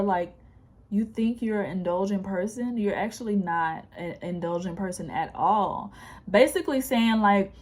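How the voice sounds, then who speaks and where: A woman's voice: mid-range voice, a little mellow. A woman giving a casual pick-a-card tarot reading, chatty and encouraging, with lots of restarts. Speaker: tarot reader.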